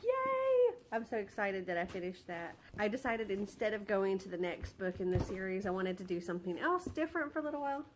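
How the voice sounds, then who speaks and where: A woman's voice: medium pitch, fast, few pauses, slight background noise. Bubbly young woman book vlogger. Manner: bubbly, excitable, giggly. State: tired. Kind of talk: casual vlog chat.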